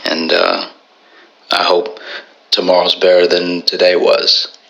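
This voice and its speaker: A comedian putting on a very deep, gravelly voice as a man earnestly calling his friend to say goodnight, speaking slowly and softly. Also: completely flat delivery, muffled recording, heavily acted. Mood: tender. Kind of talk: stand-up bit voice.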